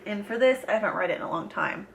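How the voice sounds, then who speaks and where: A woman's voice: mid-range voice, expressive, fast, gravelly, slight background noise. A young woman talking casually to camera as a book vlogger, gushing and chatty with lots of fillers.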